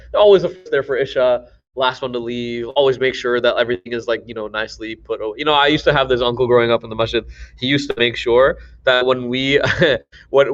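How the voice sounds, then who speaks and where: Young male youth teacher, rapid-fire and animated, acting out his stories, on muffled lo-fi audio. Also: medium pitch. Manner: animated, laughing, acts out quoted voices. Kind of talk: casual religious talk to teens. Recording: dull lo-fi audio.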